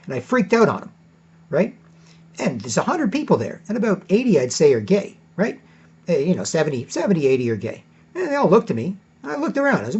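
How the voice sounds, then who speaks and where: A man's voice: high voice, wildly swooping pitch, fairly quick, a little mellow, husky. A man delivering a rambling, profane monologue, acting out the exchanges he quotes. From Canada. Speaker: commentator. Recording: dull lo-fi recording.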